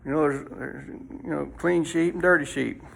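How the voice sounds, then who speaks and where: A man's voice: fairly high pitch, steady tone, moderate pace, vocal fry, husky. A man teaching a folksy Sunday school lesson, rambling and throwing in rhetorical questions.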